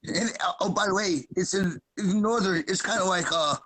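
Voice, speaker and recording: A man's voice: high voice, normal speed, a bit bright, no echo. A man chatting loosely on a podcast, swearing freely and joking. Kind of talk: casual podcast chat. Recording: crowd chatter behind.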